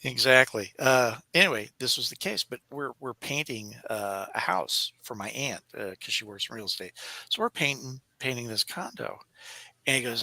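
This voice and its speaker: A man hosting a podcast, chatting casually and telling animated stories full of acted-out voices. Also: mid-range voice, moderate pace, dry recording. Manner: animated storyteller who acts out voices. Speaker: podcast host. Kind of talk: casual chat.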